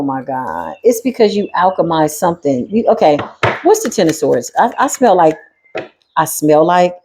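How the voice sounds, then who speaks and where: A woman with a deep voice, heard against a noisy background, gives a spiritual tarot reading. The tarot reader is sassy and streetwise, addressing both the viewer and the spirit directly.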